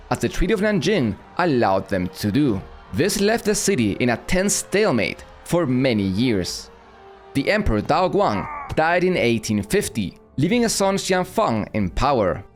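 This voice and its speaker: Lively man narrating a history cartoon. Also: fairly high pitch. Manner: brisk, matter-of-fact storytelling. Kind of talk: scripted narration.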